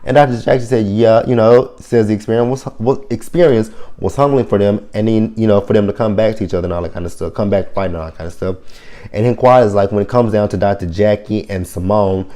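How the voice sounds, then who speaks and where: A man's voice: on the low side, fast. A man giving a casual review of a reality TV episode, blunt and profane, rambling and often correcting himself. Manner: blunt, profane and animated when annoyed; rambling with frequent self-corrections. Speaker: reality TV recap host.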